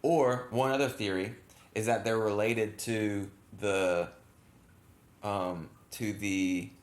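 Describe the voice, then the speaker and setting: A man's voice: fairly low pitch, steady tone, takes it slowly. A man co-hosting a casual reaction chat, rambling with lots of fillers and self-corrections. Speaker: channel co-host. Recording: echoey room.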